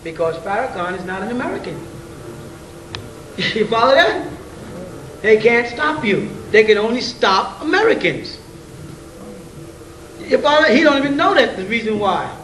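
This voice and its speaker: A man with a high voice lectures a roomful of listeners in loose, slangy speech, chuckling between points and firing off rhetorical questions. The mic sits well away from him, so the room echoes around his voice and a faint hiss runs underneath. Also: sing-song, moderate pace, long pauses, a bit bright. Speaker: lecturer addressing an audience. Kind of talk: informal spoken lecture. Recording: roomy, distant, faint hiss.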